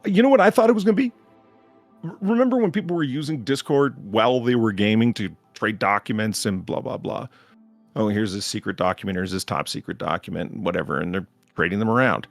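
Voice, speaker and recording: Gravelly man ranting sarcastically. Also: lowish voice, a little fast, faint music behind. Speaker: podcast co-host. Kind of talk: casual banter.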